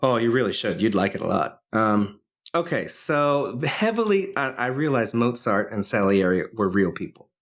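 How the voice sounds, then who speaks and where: A man's voice: on the low side, sing-song, normal speed. Rambling man co-hosting a podcast. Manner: rambling, many fillers and restarts. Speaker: podcast co-host. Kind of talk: casual chat, retelling a film plot.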